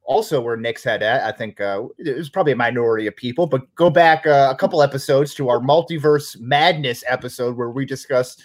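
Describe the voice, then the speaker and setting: A man's voice: mid-range voice, fairly quick, few pauses. A man co-hosting a podcast in casual chat, joking and punning with a loose, rambling delivery. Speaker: podcast co-host.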